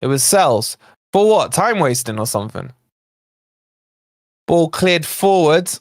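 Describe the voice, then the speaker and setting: A man with a high voice calls a football match live for a fan channel, talking straight to his chat. He swings between steady play-by-play and sudden excited shouts whenever a chance comes. His voice sounds close and dry, with no room around it. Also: takes it slowly, dry recording. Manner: excitable, bursts into shouts at chances then calms; chatty asides to viewers in the chat. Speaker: fan channel watch-along host. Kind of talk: live match watch-along commentary.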